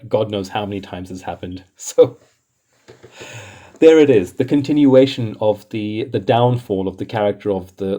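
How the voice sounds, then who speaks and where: A man talks through comic books in a casual commentary, his low voice dark and mellow. He sounds exasperated and chuckles often as he goes.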